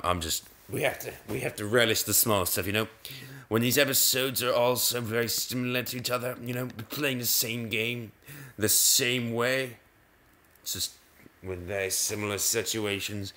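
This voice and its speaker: A man's voice: mid-range voice, sharp tone. A man giving casual, rambling commentary over a video game, often stopping mid-sentence and restarting with a playful tone. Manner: rambling, self-interrupting, playful. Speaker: gaming video host.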